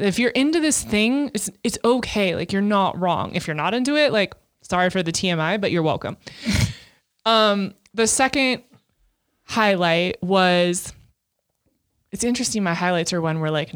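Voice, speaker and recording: A woman in her thirties co-hosting a podcast, speaking openly and emotionally, with frequent laughs and fillers. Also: mid-range voice. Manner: open, emotional, laughs often, many fillers. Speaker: podcast co-host. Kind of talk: candid casual chat.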